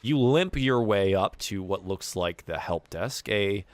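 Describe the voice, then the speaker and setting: A man's voice: on the low side, expressive, unhurried, no echo. Casual man running a tabletop game. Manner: casual, filler-heavy narration. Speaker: game master.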